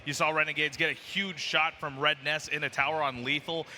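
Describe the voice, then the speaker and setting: A man with a very bright, cutting voice recaps the match play by play. A long hall reverb trails behind him, and a little noise sits under his voice. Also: on the high side, little pitch movement, brisk. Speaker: esports analyst. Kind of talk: analysis desk chat.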